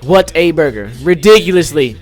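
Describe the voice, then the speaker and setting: A man's voice: fairly high pitch, lively intonation, normal speed, darkish tone, soft background music. A young man hosting a podcast, ranting comically about food in a profane, exaggerated way, with lots of fillers. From Las Vegas. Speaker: podcast host. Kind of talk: casual comedic rant.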